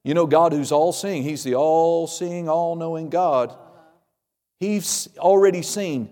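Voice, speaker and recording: A man's voice: a little high, slow pace, dark tone. Man preaching in a reverberant hall. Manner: storytelling, acts out quoted voices, emphatic. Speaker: pastor. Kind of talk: sermon.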